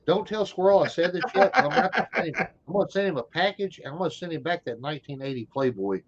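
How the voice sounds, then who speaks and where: A man in his thirties co-hosting a casual livestream talk show, loud and joking with heavy swearing and Southern slang like y'all. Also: a little high, animated, quick pace, hardly any pauses, husky. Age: 30s. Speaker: co-host. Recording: dull lo-fi stream audio.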